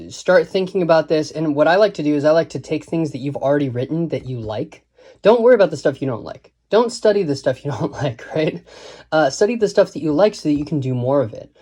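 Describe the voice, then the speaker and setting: A man's voice: on the high side, expressive, fairly quick, warm tone, slightly rough. A man giving a casual, digressive lesson on writing, thinking aloud and reciting quotes and lines of verse. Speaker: writing teacher.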